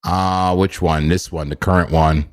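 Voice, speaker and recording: A man's voice: low voice, little pitch movement, unhurried. A man hosting a casual crypto trading livestream, joking and repeating himself as he talks.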